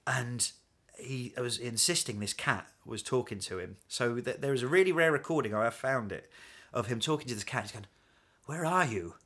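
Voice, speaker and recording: A man, a guest in a casual chat, telling stories in an animated, chatty way and laughing often. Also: medium pitch, a little fast, few pauses. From England.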